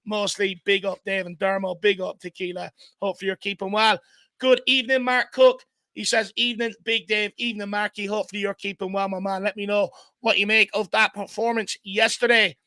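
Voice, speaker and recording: High, bright Irish man hosting a fan show. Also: level tone, a little fast, no room sound. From Ireland. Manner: chatty, reads out viewer comments. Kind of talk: casual live-stream chat.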